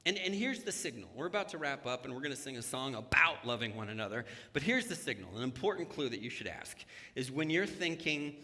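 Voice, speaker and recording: A man's voice: on the high side, lively intonation, brisk, sharp tone. A man preaching a sermon in a church, telling stories in a conversational way and acting out the voices of the people in them. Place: church sanctuary. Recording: long hall reverb.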